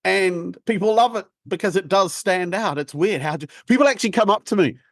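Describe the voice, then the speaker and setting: A man with a notably high voice tells his story bluntly and provocatively as an interview guest. His delivery is lively and cocky, and the recording is dry and close. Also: brisk, no room sound. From United Kingdom. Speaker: guest, sales trainer.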